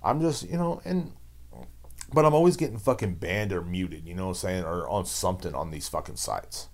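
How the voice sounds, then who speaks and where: A man's voice: sits low, animated, moderate pace. A man hosting his own podcast, ranting on his own in a rambling, fired-up way, swearing constantly. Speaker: podcast host. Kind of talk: casual solo rant.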